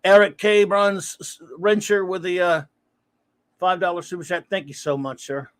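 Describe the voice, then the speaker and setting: The host's voice is high and fairly bright, with fairly even intonation and a moderate pace, and no echo. He's running a relaxed livestream, rambling, reading chat aloud, and greeting viewers by name.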